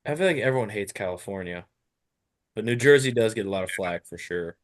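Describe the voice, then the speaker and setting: A man's voice: on the low side, expressive, brisk. A man co-hosting a comedy podcast, laid-back, mostly answering with short, dry replies. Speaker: co-host. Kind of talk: casual comedy podcast chat.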